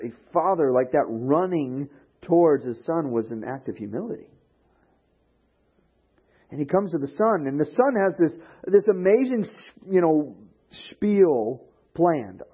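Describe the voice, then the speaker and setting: A man preaching a sermon as pastor, telling a story with lively animation and acting out the voices of the people in it. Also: mid-range voice, husky. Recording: dull lo-fi recording.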